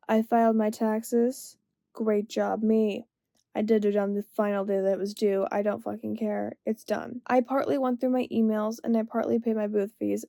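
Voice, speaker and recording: A woman's voice: fairly high pitch, creaky, warm tone, no echo. A young woman vlogger ranting late at night, exasperated, rambling and swearing constantly.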